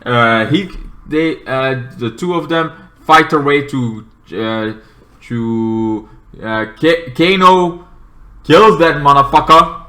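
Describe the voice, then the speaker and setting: Guy rambling thru a movie plot recap, bright voice, says "kind of thing" a lot. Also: medium pitch, takes it slowly. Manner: rambling plot recap that bursts into excited shouted quotes; loose phrasing with filler such as "kind of thing". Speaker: movie reviewer. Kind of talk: casual movie review vlog.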